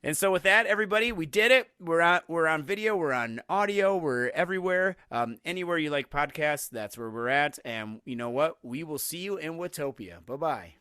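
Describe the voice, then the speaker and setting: A man hosting a podcast in an easygoing, rambling way, tripping over his words and circling back. His voice is bright and present, and it is recorded dry with no room sound. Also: a little high, lively intonation, a little fast, few pauses, smooth, no room sound. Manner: rambling, lots of restarts and filler words. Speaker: podcast host. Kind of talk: casual chat.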